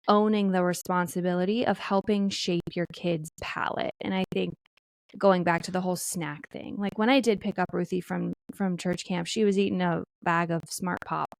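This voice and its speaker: A woman's voice: lowish voice, gravelly, no echo. Chatty woman podcast co-host. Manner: chatty storyteller, mimics her kids. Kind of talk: casual conversational podcast.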